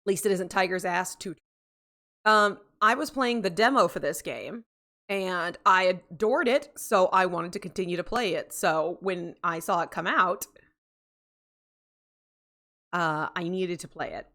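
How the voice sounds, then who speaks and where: A woman's voice: lowish voice, unhurried, pauses often, bright, forceful tone. A woman streaming a game, chatting casually with her viewers, rambling and interrupting herself, sleepy and yawning. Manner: rambling, self-interrupting, chatty with chat readers, laughs often. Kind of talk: casual livestream chat.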